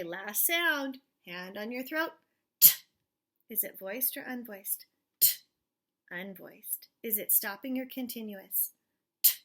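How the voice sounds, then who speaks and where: A woman teacher giving a phonics lesson from home to young children, sounding out each letter slowly and clearly with an encouraging tone. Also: a little high, bright, forceful tone.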